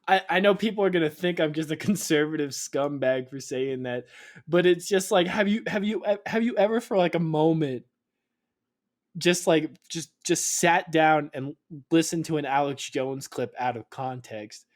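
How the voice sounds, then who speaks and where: A man's voice: fairly high pitch, moderate pace. A young man co-hosting a podcast, chatting casually in crude, giggly banter full of swearing. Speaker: podcast co-host. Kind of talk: casual chat.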